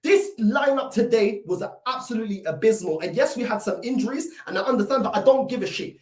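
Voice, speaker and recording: A woman's voice: fairly high pitch, animated, fast, a little mellow. A woman delivering a fuming, repetitive rant as a football fan reacting to a match. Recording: echoey room, mic at a distance.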